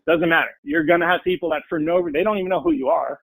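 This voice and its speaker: Guy talking trading on a podcast, blunt and fired up, kinda high voice, dry close sound. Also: fairly even intonation, quick pace, creaky, fairly bright tone, no room sound, rough recording. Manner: blunt, passionate, mimics people in quotes. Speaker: podcast guest, full-time trader. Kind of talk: casual interview chat.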